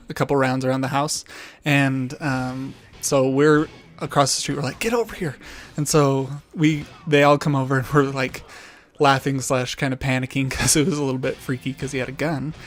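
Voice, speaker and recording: A man's voice: medium pitch, little pitch movement, normal speed. A young man, a channel host, telling a casual story with lots of ums and restarts. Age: young adult. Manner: rambling, many ums and restarts.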